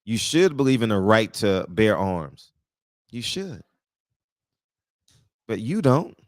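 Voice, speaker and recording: A man's voice: lowish voice, very animated, takes it slowly, dry recording, clean studio sound. A man hosting a casual talk show, speaking bluntly and profanely, often laughing at his own jokes. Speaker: podcast host.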